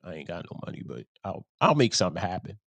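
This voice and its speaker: A man's voice: low voice, sing-song, fast talker, vocal fry, fairly bright tone, slightly rough, no room sound, dull audio. A man hosting a show, telling a story in a rambling, casual monologue and often laughing at himself. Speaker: show host.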